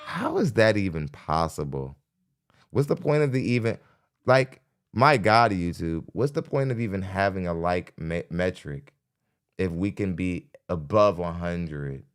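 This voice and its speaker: A man's voice: low voice, expressive, measured pace, clear, resonant tone. A man hosting a live podcast, giving skeptical, rambling reaction commentary with frequent restarts. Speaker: podcast host.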